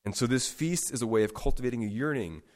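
A man's voice: mid-range voice, fast talker. Emphatic male preacher. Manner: emphatic, with sharp swings in loudness; repeats and stacks words for stress. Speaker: pastor. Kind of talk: sermon.

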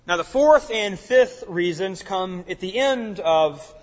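A man's voice: high-pitched, animated, slow pace, long reverb tail, dull audio. A man preaching an expository sermon as a pastor, earnest, with his voice swelling and dropping in volume.

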